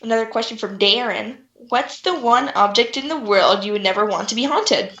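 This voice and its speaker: A young woman hosts a podcast in a playful, giggly way and keeps the questions coming. Her voice sits a little high. The recording is dull and lo-fi, with plenty of room echo. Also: moderate pace, fairly bright tone. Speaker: podcast host. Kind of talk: casual podcast chat. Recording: echoey room, dull lo-fi sound.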